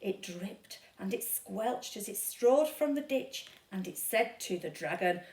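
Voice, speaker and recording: A woman reading a children's story aloud at a storytime, slow and dramatic. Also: medium pitch, animated, a little mellow, recorded from a distance. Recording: echoey room.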